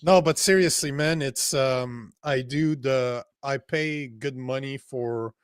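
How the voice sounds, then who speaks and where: Joking, foul-mouthed live show co-host. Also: male voice, mid-range voice, slow pace, clean tone, dry recording, studio quality. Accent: Montreal English. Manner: joking, swears casually. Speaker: political talk show co-host. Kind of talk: casual live show banter. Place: home studio near Montreal.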